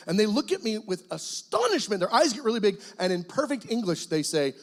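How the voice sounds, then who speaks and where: A guest pastor tells his testimony from the pulpit, high-pitched for a man. He tells it as an animated story and breaks into excited, shouted quotes. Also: fast talker, few pauses. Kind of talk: testimony sermon.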